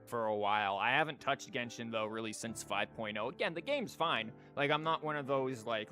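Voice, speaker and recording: A man's voice: medium pitch, moderate pace, hardly any pauses, sharp tone. Chatty, rambling male streamer. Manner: rambling, jokey, full of fillers and restarts. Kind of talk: casual live-stream chat while gaming. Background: game music.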